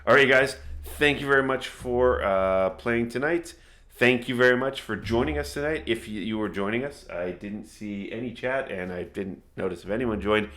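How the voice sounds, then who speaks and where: A man narrating a tabletop game as game master, chatty, laughing easily and slowing down for dramatic moments. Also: mid-range voice, fairly bright tone.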